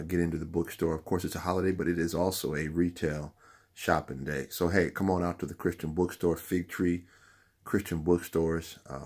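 A man's voice: low voice, breathy edge. A man hosting a show, giving a motivational Bible lesson in a preachy way and repeating key lines for emphasis. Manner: rising to loud emphatic peaks. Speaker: bookstore owner and show host.

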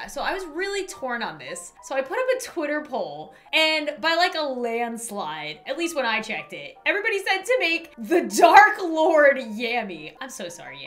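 A young adult woman giving gaming commentary as a YouTuber, with an excitable, giggly, dramatic manner. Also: a little high.

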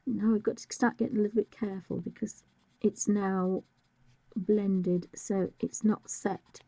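A woman hosting a live drawing tutorial, talking softly and often half-whispering as she works, her voice a little squeaky and rough. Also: steady tone, unhurried, no echo. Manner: soft-spoken, often half-whispered while working. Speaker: art tutorial host.

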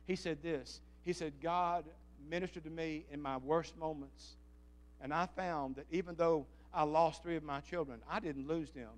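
A man's voice: on the high side, fairly even intonation, normal speed. A man preaching a fervent sermon as pastor, calling out to the congregation for responses. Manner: fervent, calls for audience response.

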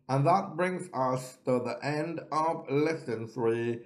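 Male reading tutor, mid pitch, extremely slow and deliberate delivery, clear drawn-out letter sounds. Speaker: Quran reading teacher. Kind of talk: slow pronunciation lesson.

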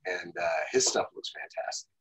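A man's voice: moderate pace, a bit bright, low-quality recording. A man, a photographer guest, chatting easily over a video call and asking curious questions about his camera. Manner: easygoing, asks curious questions.

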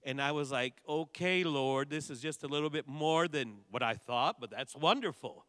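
Guy preaching a sermon, gets loud and excited telling his stories, close mic but long echo from the hall. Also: a little high, normal speed. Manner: animated storytelling preacher, bursts of loud exclamation. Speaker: pastor. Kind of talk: sermon testimony. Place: church sanctuary.

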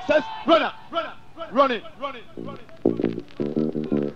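A man's voice: very deep voice, wildly swooping pitch, slow, pauses often. A man with a Jamaican accent, MCing a sound clash and chanting refrains to the crowd. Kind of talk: live MC chat and toasting. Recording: dull lo-fi live recording over loud music. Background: very loud dancehall music.

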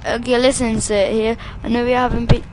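A woman's voice: fairly high pitch, flat delivery, fairly quick, noisy background. A woman giving loose gameplay commentary, mocking the characters with frequent laughter and sudden outbursts. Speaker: let's play gamer.

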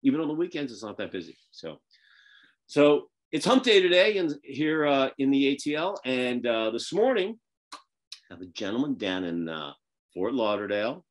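A man's voice: mid-range voice, very animated, normal speed. Rambling, folksy talk show host man. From Northeastern United States. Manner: rambling, filler-heavy, folksy. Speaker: podcast host. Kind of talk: casual video call interview. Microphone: video call.

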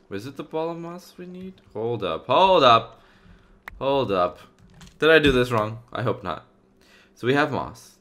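Man, gaming commentary, bright edgy tone, unhurried, thinks aloud, mutters to himself. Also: mid-range voice. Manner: loud upbeat openings, then muttering to himself while searching; thinks aloud with many fillers and self-corrections. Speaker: gaming video host. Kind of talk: casual let's-play commentary.

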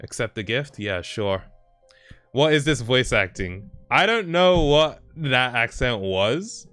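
Male streamer, relaxed joking chat, lively pitch. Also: slow, smooth, dry recording, faint music behind. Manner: playful, laughing, joking about his voices.

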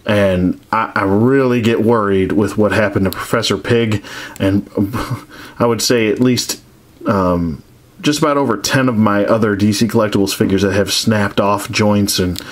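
A man's voice: fairly low pitch, measured pace. A man casually reviewing action figures, rambling with many restarts and frank complaints.

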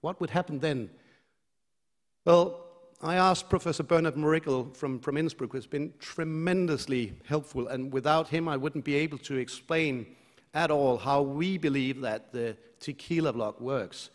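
A middle-aged man gives a conference lecture, talking conversationally and pausing often to restart his phrases. His voice sits slightly high. A long hall reverb trails behind him. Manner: conversational, with frequent hesitations and restarts.

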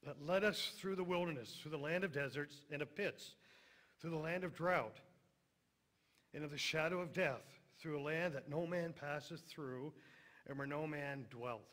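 A middle-aged man preaching a sermon, emphatic, then dropping to a hushed voice on tender lines. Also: on the high side, normal speed.

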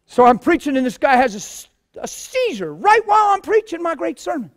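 Guy preaching with a high voice, telling stories, goes from quiet mumbling to yelling. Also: brisk. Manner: animated storytelling, swinging from low murmurs to shouting. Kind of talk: sermon with testimonies.

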